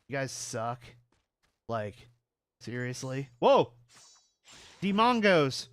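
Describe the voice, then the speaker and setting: A man's voice: mid-range voice, takes it slowly, long pauses, no room sound, faint music behind. A man with a mixed Southern US and New York accent, giving casual, swearing, laughter-filled commentary while playing a game. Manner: animated, profane, laughs often. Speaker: streamer.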